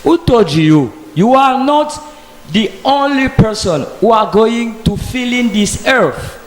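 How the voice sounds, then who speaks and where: Man, measured lecturing debater, very slow delivery, roomy hall echo. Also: high-pitched, expressive. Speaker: debate participant. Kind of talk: slow argumentative speech in a discussion group. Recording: echoey hall with long reverb.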